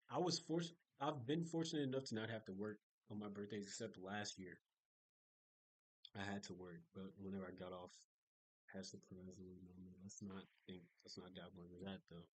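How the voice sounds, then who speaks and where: A man's voice: deep voice, fairly even intonation, moderate pace, pauses often, no echo, rough recording. A young man telling stories in a casual video diary, rambling and chatty, full of fillers and restarts. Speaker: vlogger.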